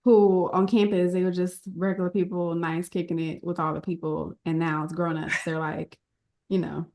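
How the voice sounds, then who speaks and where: A woman's voice: on the low side, little pitch movement, moderate pace, mellow. A woman co-hosting a podcast, chatting casually and candidly with a joking edge. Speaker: podcast co-host. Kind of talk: casual chat.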